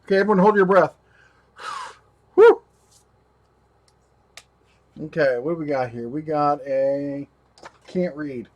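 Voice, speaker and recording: A man's voice: on the high side, huge pitch swings, measured pace, pauses often. A man hosting a livestream while rebuilding a computer, chatting casually, talking to his parts and his dog. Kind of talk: casual live tech narration.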